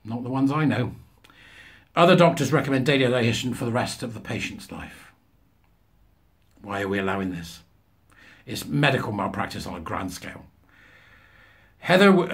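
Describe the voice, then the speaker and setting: A man's voice: medium pitch, animated, moderate pace, long pauses, fairly bright tone. A man reading news articles aloud and mocking them with sarcastic, scornful asides, often laughing at his own jokes. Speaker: commentator.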